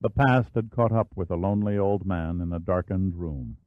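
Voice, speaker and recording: A male narrator reading a thriller audiobook in measured, even scripted narration with a low voice. The sound is dry and band-limited, close to a phone line. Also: no room sound.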